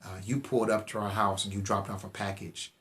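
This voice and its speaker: A soft-spoken good cop leans in with a low, hushed, reassuring tone, as a man puts him on in a story. He sounds calm and coaxing rather than harsh. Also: brisk, close to an everyday voice. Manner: quiet, coaxing. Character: soft-spoken calm male police officer.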